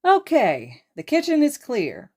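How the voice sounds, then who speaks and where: A woman reading a podfic and voicing a loud, cheerful, flamboyant young father who yells happily. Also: high-pitched, wildly swooping pitch, slow, voice pushed up, heavily acted. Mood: exuberant. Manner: exuberant, sing-song, yelling.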